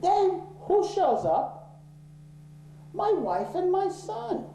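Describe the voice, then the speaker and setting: A man telling a story in an interview, swearing freely and getting worked up and loud when angry. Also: very high voice, very animated, very slow, gravelly, a little hiss or hum. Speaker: interviewee, office owner. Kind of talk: profane, animated storytelling in an interview. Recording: roomy echo.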